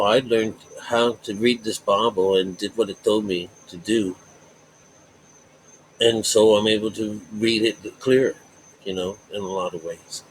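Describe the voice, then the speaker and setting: Guy with a lowish voice going on about bible stuff, rambles and keeps circling back. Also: a little hiss or hum, poor audio. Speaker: self-taught Bible teacher. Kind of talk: rambling spoken Bible teaching.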